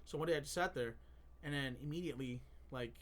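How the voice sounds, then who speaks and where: A man's voice: a little high, fast, fairly bright tone, slight background noise. A man co-hosting a podcast, chatting casually and telling rambling stories with frequent laughter and fillers. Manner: laughs often, rambling storytelling with many fillers. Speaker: podcast co-host. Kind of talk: casual chat.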